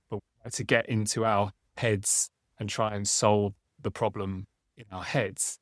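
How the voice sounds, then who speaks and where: A man's voice: on the low side, steady tone, normal speed, no room sound, clean studio sound. A man hosting a podcast, talking in a reflective, conversational way and often ending with tag questions. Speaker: podcast host. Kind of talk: casual conversation.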